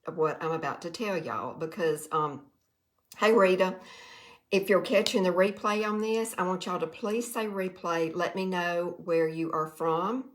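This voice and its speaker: In her 60s, a direct sales livestreamer chats casually to viewers from a quiet room, tired and nervous yet folksy as she greets them by name. Her voice is on the low side with a measured pace.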